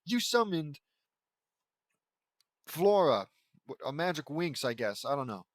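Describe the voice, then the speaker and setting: A man's voice: a little high, sing-song, a little slow, pauses often, dry recording, clean studio sound. Sarcastic man mocking a story. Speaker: audiobook reader and commentator. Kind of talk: sarcastic reading of fan fiction with commentary.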